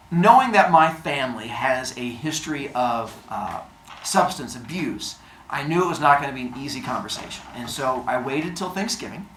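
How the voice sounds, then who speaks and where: Guy telling a story, lively up and down voice, acts out everyone, echoey room with a bit of noise. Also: medium pitch. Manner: animated, acts out the other people's lines. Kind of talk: casual storytelling. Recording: roomy echo, faint noise.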